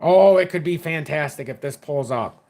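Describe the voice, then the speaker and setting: A man's voice: on the high side, normal speed, darkish tone. A young man giving loose, rambling, profane crypto market commentary on his own stream.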